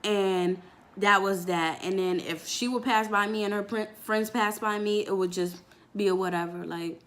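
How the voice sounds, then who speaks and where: A young woman vlogger telling a story from her life in a casual, animated way, with lots of "like" and acted-out voices. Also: medium pitch, moderate pace. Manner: animated storytelling, fillers with "like", acts out quoted voices.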